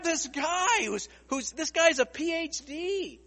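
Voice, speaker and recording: Animated high-voiced male preacher. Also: takes it slowly, few pauses, in a large hall. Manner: animated, repeats words, acts out other people's lines. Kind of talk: storytelling sermon.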